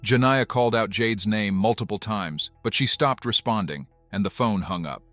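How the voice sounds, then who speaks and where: A man narrates a documentary in a steady, measured tone. His voice sits a little low, and his delivery stays even and deliberate. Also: no room sound, soft background music. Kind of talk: scripted narration.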